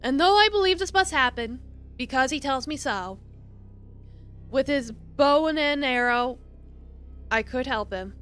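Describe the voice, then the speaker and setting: A woman's voice: sits high, lively intonation, measured pace, fairly bright tone, faint music behind. A woman streamer reading a game aloud, dramatic, jumping from narration to shrieks and mock sobs.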